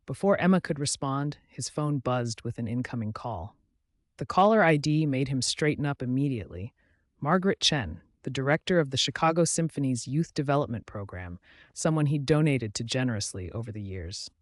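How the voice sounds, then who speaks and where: A male narrator reading a scripted emotional story. His delivery is measured and dramatic at a middle pitch. The recording is dry and close, with no room sound. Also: lively intonation, dry recording.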